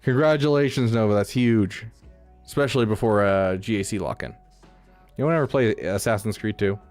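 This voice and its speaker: A male streamer with a low voice chats casually with his viewers. He rambles, trips over his own sentences and laughs often, with faint music playing behind him. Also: brisk, a little mellow. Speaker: streamer reading chat. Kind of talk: casual live-stream chat.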